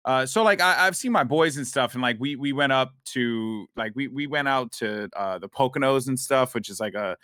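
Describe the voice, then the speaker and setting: A man co-hosting a podcast, telling a long story in a rambling, animated way, with many restarts and swearing. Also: medium pitch, moderate pace, hardly any pauses, dry recording, clean studio sound. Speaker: podcast co-host. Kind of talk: casual storytelling chat.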